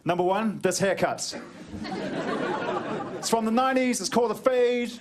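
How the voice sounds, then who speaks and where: A man's voice: high-pitched, moderate pace. A man with a New Zealand accent performing a stand-up comedy set, telling jokey stories and slipping into put-on voices. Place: comedy venue stage before a live audience. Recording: crowd laughter and background noise on a live recording. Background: audience laughter.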